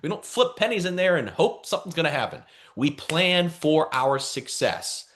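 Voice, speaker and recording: A man leading a team video call, giving an energetic motivational talk full of repetition and calls for the group to answer back. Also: fairly high pitch, moderate pace, a little hiss or hum. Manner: energetic, repeats phrases, calls for responses. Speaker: team leader.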